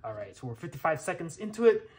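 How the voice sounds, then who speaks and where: A man's voice: fairly high pitch, very animated, fast talker, a little mellow. A man running a casual hands-on tech test on camera, talking the viewer through each step with plenty of fillers. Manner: chatty, thinks aloud, lots of fillers and checks. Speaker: tech reviewer. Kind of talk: casual hands-on demo commentary.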